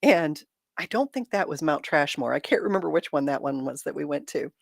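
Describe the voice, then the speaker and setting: A woman's voice: low-pitched, lively intonation, fairly quick, creaky, no echo, studio quality. Chatty laughing woman in her 50s. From Michigan. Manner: laughs often while telling stories. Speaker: livestream host reading chat. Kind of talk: casual chat.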